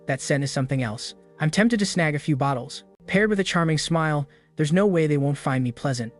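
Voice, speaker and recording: A man narrating a fantasy story in first person, in a steady scripted recap style. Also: on the high side, fairly quick. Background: background music.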